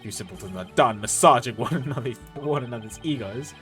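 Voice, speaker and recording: A man voicing a smug, menacing male prosecutor in a low, slow, mocking tone. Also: fairly bright tone, faint music behind, natural voice.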